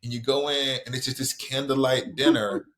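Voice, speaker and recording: Southern man telling stories. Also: mid-range voice. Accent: Southern American. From American South. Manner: animated, quick storytelling with many restarts. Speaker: author guest. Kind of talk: storytelling in conversation.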